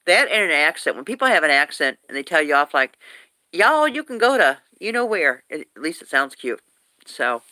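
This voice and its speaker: A woman's voice: low-pitched, pushed and bright, clean tone, no echo. A woman vlogger talking to her viewers in a casual, rambling livestream chat, speaking in an affectionate way.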